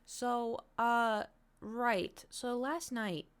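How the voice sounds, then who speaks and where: A woman's voice: a little high, steady tone, drawn-out words, smooth. Ranting, swearing woman streamer. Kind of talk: casual live-stream chat.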